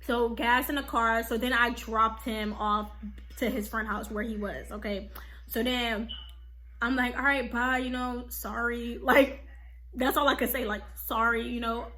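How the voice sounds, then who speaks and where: A young woman vlogger telling a casual storytime, animated and slangy, full of "like" and "okay?". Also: on the high side, measured pace.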